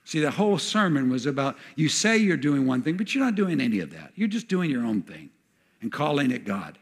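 A man preaching a sermon in an animated way, acting out the voices of the people he quotes. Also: medium pitch, brisk. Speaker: pastor.

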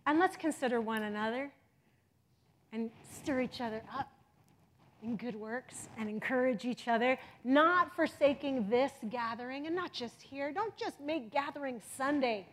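A middle-aged woman preaching a sermon with passion, moving from loud exhortation to hushed intensity. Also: high-pitched, unhurried. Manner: impassioned, swings from loud exhortation to soft intensity.

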